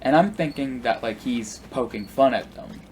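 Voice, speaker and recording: A man's voice: normal speed, a little mellow, a little hiss or hum. Rambling young man telling a story. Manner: rambling, full of asides and fillers; acts out quoted people with big pitch jumps. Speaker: gameplay commentator. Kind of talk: casual storytelling while playing.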